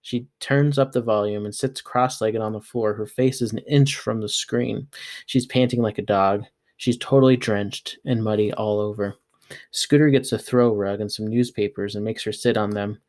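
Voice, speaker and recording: A man reading a children's novel aloud in a plain, steady storytelling manner. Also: fairly low pitch, normal speed. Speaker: reader.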